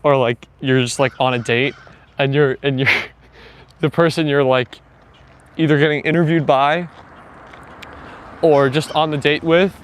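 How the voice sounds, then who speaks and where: A man's voice: on the high side, steady tone, unhurried, long pauses, a little hiss or hum. A man hosting a casual morning live stream from a walk outdoors, joking playfully and answering viewers' comments. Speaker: livestream host.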